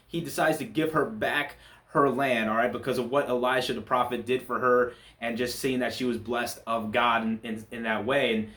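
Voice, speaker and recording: A man giving a relaxed, conversational talk on a Bible chapter, often restarting his sentences as he explains the story. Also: a little high, echoey room. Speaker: church Bible study teacher. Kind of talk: casual Bible chapter commentary.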